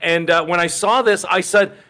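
A middle-aged man co-hosts a podcast in casual chat at a moderate pace, his tone bright and forward and his pitch a bit higher than most men's. He speaks emphatically, gets worked up easily, and trips over and repeats his words.

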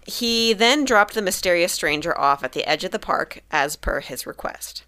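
Bright-voiced woman telling a story. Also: on the low side, expressive, normal speed. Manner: narrates with dry jokes and laughs. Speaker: podcast host, storyteller. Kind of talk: casual storytelling.

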